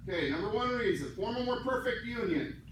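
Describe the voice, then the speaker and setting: A man lectures a class in a conversational way, breaking ideas down word by word and tossing in joking asides. His voice sits a little high. The sound is roomy and distant, with faint hiss underneath. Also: expressive, a little fast, a bit bright. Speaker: class instructor. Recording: echoey room miked from afar.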